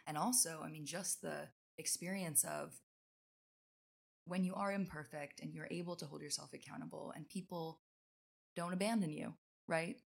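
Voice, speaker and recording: A woman hosting a podcast, her voice sitting a little low for a woman. She speaks earnestly and reflectively. She often restarts her phrases mid-thought. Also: steady tone, moderate pace, vocal fry. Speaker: podcast host. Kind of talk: casual conversation.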